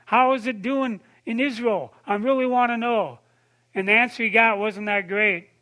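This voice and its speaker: A man delivers a sermon in a chatty, storytelling way, calling on listeners and asking them questions. His voice sits very high and sounds bright and forceful. At tender moments he drops to a soft, low tone. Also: fairly even intonation, moderate pace. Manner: conversational preaching, addresses listeners by name, asks questions. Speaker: pastor.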